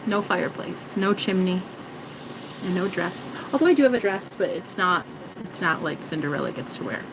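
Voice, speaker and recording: A woman's voice: fairly low pitch, lively intonation, moderate pace, creaky, noisy background. A woman vlogging in a rambling, joking monologue, swearing and mocking herself. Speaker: spiritual vlogger.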